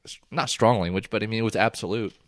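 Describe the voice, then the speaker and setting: A man co-hosting a podcast in casual chat, animated and laughing often, trailing off mid-sentence. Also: fairly low pitch, fast talker, dry recording, clean studio sound. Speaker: podcast co-host.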